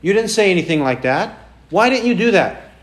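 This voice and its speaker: A man's voice: high voice, big pitch swings, a little fast. A man preaching a sermon, asking the congregation questions and repeating key phrases for emphasis. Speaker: pastor.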